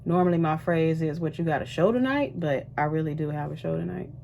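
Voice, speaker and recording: Speaking briskly with a low pitch and vocal fry, a cruise ship singer vlogs from her cabin during her makeup routine. She's out of breath, animated and talkative, with plenty of asides to viewers and a little hiss or hum in the recording.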